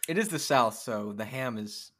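A man's voice: medium pitch, lively intonation, normal speed, a bit bright. A man co-hosting a casual podcast, tossing in dry, sardonic quips. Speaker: podcast co-host.

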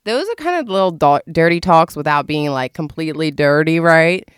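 A woman's voice: low voice, lively intonation, fairly quick, clear, resonant tone, no room sound, studio quality. A woman hosting her own show, talking frankly and casually with lots of fillers and laughs. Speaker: host. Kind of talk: casual candid advice monologue.

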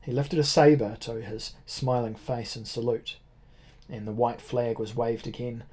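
A man narrating a first-person adventure novel in a measured way. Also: medium pitch, steady tone, a little mellow, breathy edge. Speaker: audiobook narrator. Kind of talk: scripted narration.

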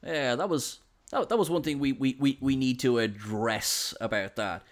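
A man's voice: medium pitch, moderate pace. A man with an Irish accent hosting a podcast, talking in an effusive, enthusiastic way. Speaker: podcast host. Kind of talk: casual podcast chat.

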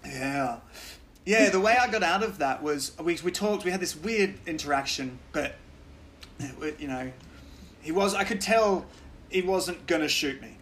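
Animated Australian man telling stories. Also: a little high, moderate pace, slight background noise. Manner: animated storytelling, swears freely, laughs often. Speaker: guest. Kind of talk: casual podcast chat.

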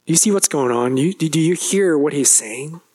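A man's voice: moderate pace, breathy edge. A man preaching a sermon as pastor, speaking straight to the congregation and acting out a character's complaint with a rising voice. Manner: animated, acts out the older brother's complaint with rising pitch; addresses the congregation directly, asks questions.

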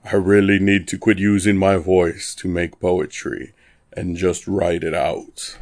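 A man narrating a dark first-person story in a wry, deadpan way. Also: low voice, takes it slowly, no echo, studio quality.

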